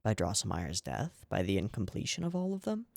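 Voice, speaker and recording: Animated, swearing anime reaction host. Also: male voice, on the low side, brisk, vocal fry, no echo, clean studio sound. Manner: animated, rambling, swears freely. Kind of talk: casual episode commentary.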